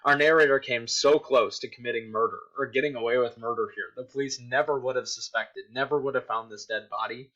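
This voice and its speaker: Male teacher, recorded lesson, explanatory, crisp bright tone, slightly muffled sound. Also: mid-range voice. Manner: explanatory, checks in with "right?". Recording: dull lo-fi recording.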